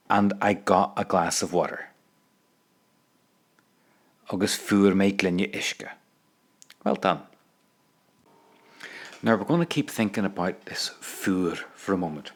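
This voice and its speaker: A man teaching an audio language lesson, patiently prompting the listener to repeat phrases. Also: deep voice.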